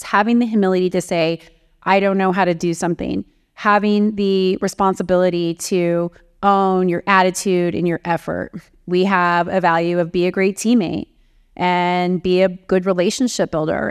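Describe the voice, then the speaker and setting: A woman's voice: on the low side, clear, resonant tone. A woman CEO and author answering interview questions, telling stories about her leadership candidly and reflectively. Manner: candid, reflective, self-critical.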